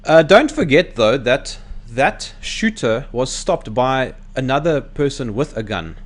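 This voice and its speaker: A man's voice: mid-range voice, very animated, a little slow. A South African man hosting a casual interview, often stammering and restarting his sentences. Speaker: host. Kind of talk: casual video-call interview.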